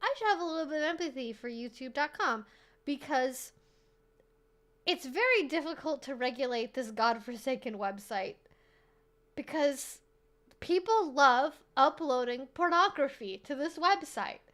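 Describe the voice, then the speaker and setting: Chatty high-voiced woman streamer. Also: unhurried. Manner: animated, swearing, rambling with laughs. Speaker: streamer host. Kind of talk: casual live-stream chat.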